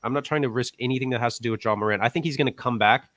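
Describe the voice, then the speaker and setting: A man co-hosting a casual podcast, pitching his investment picks with upbeat, rising emphasis. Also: rapid-fire, a bit bright. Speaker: co-host.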